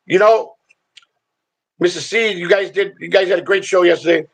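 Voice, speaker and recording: A man hosting his stream rambles through a casual story, blunt and swearing constantly. He talks at normal speed in a fairly high voice that's gravelly and husky, with rough vocal fry beneath his words.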